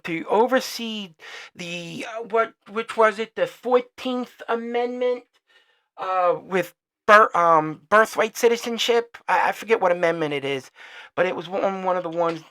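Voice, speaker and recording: A man hosting his own podcast, speaking in a heated, profane and rambling rant, and he gets quieter as he signs off. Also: sits high, a little slow. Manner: trails off quieter when signing off. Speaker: podcast host. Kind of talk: solo opinion rant.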